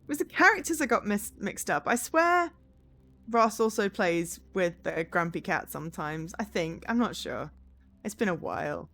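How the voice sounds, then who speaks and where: A woman's voice: mid-range voice, lively intonation, normal speed, fairly bright tone. A woman streamer reading game narration aloud and chatting with her viewers in a chatty, self-deprecating way.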